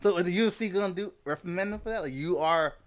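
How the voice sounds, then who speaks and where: A man's voice: high voice, fast talker. A young man co-hosting a podcast, talking animatedly and swearing often in casual chat. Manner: animated, profane, laughs often. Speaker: podcast co-host.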